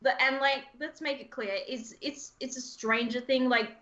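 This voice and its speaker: An Australian woman hosting a podcast and chatting casually, animated with frequent laughs and fillers. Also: sits high, normal speed, muffled recording. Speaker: podcast host and streamer. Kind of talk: casual chat.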